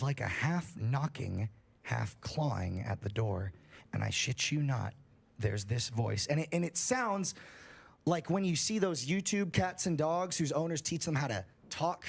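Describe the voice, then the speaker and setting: A young man tells a scary story aloud on a livestream, swearing freely and animated as he builds the tension. His voice is gravelly with a husky edge, at an ordinary middle pitch.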